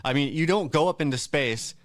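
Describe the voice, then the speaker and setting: A man's voice: a little high, fairly quick, a bit bright, no echo, studio quality. A man hosting a podcast on his own, reading out holiday facts in a casual, rambling way, with joking asides and plenty of fillers. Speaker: podcast host.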